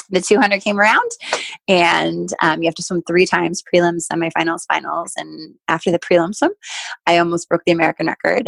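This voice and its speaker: A woman in her forties, a former athlete guest, telling stories in a casual interview, animated and laughing often as she acts out what people said. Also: on the low side, vocal fry, breathy edge, no room sound. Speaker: podcast guest, former Olympic swimmer.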